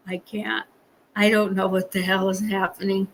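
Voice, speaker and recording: A woman's voice: mid-range voice, little pitch movement, moderate pace, rough recording. Chatty woman hosting a live stream. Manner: chatty and rambling, laughs often. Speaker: livestream host. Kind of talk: casual chat with live viewers.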